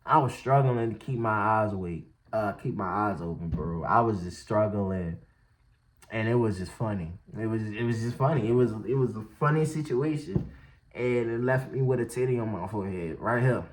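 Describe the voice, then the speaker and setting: A man's voice: on the low side, normal speed. A man telling a storytime vlog in slangy talk, laughing often as he goes. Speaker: vlogger.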